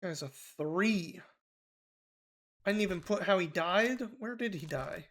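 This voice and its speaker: A man's voice: high voice, measured pace, fairly bright tone. A man streaming a mystery game, thinking aloud in loose, casual commentary with offhand swearing.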